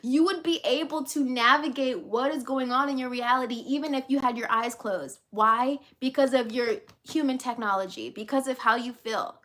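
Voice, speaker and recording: A woman's voice: high-pitched, normal speed, few pauses, a bit bright. A woman coach giving a motivational vlog talk, emphatic and repetitive, casual and willing to swear. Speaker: life and business coach.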